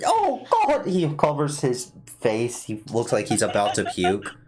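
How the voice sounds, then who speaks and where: A woman's voice: very deep voice, lively intonation, unhurried, background noise. A woman narrating as game master in a casual tabletop game, talking loosely with hesitations.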